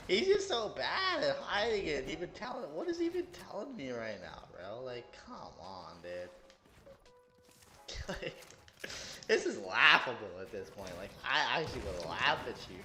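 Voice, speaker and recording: A man's voice: medium pitch, unhurried. A young man streaming a game, ranting at chat in a profane, sarcastic, mocking way. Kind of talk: heated livestream rant. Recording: steady background noise.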